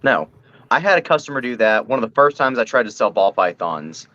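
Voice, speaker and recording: A man, a podcast guest, telling an anecdote in a relaxed casual way. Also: medium pitch, brisk, dry recording, dull audio. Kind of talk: casual chat, storytelling.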